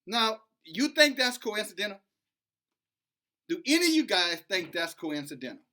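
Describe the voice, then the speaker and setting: A man's voice: sits high, very animated, moderate pace, sharp tone. A middle-aged man giving emphatic, repetitive commentary in a preachy vlog. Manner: emphatic, repetitive, rising to heated. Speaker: online commentator.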